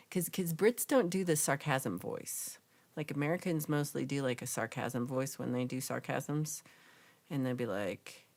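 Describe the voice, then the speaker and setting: A young woman hosting a casual livestream, reading viewer comments aloud and chatting in a lively, reactive way. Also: rumbling low. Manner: chatty, reacts with gasps and laughs, animated. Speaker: livestream host reading chat.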